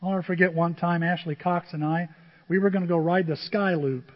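A middle-aged man preaching a sermon, telling humorous stories with animated asides to the congregation. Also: high voice, fairly quick. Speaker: pastor. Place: church sanctuary. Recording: dull reverberant church recording.

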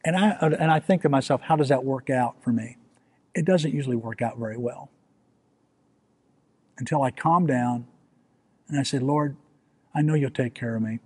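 A man's voice: mid-range voice, moderate pace, pauses often, a little mellow, breathy edge. A man preaching a sermon as pastor, in a conversational way, often restarting with repeated words and asking the listeners questions.

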